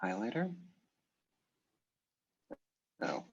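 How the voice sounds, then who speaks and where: A man's voice: on the low side, huge pitch swings, extremely slow, gravelly, slightly rough. A man teaching an online language class, speaking casually and thinking aloud as he works things out. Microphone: video call. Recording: dull, muffled video call audio.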